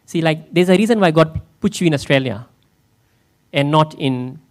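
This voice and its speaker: A man's voice: a little high, animated, normal speed. A man in the role of pastor, preaching a conversational sermon in church and often asking his listeners questions. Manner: conversational, asks the congregation questions.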